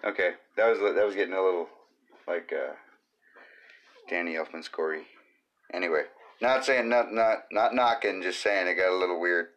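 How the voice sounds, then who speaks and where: A man hosting his own solo podcast, talking off the cuff in a rambling, jokey way with quick asides. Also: low voice, a bit bright, dull audio. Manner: rambling, jokey, jumps between silly voices and asides. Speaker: podcast host.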